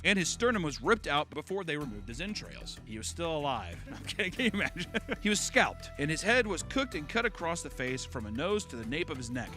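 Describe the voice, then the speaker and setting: Animated jokey male podcast host. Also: a little high. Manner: sarcastic, jokey asides and silly put-on voices. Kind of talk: comedic storytelling.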